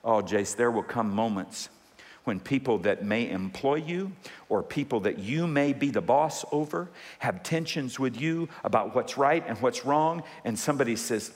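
A man preaching a sermon, animated, acting out quoted voices and calling for responses from the congregation. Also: mid-range voice, normal speed. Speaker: pastor. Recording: long hall reverb.

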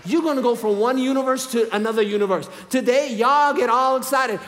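In a church, a man with a high, lifted voice preaches at a quick clip with hardly any pauses, swinging from loud, joking bursts to soft, hushed pleading. Casual slang and humor keep his animated sermon lively, and a long hall reverb trails each phrase.

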